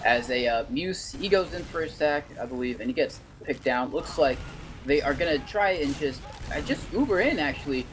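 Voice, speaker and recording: A man's voice: a little high, expressive, moderate pace, fairly bright tone, a little hiss or hum. Laid-back male esports co-caster. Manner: laid-back, chuckling, casual. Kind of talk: live play-by-play commentary.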